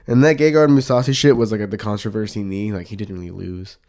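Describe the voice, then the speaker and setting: A man co-hosting a podcast in casual chat, relaxed, offering short interjections and corrections. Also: fairly low pitch, quick pace. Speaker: podcast co-host.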